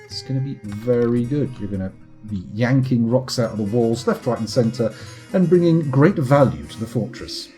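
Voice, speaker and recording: A man streams a game and chats with his viewers in a rambling, self-mocking, wry way. His voice rises and falls a lot, lively and full of movement. Soft guitar music plays faintly behind him. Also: mid-range voice, normal speed. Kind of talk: casual live-stream chat while gaming.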